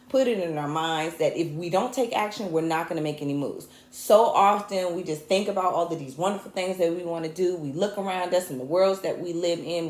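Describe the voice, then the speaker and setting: Fired-up woman host, echoey room. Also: lowish voice. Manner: impassioned and fired up, mixing jokes with anger; chatty, addresses viewers as y'all. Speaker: host and technical producer. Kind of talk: livestreamed talk show monologue. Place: home show set. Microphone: camera mic.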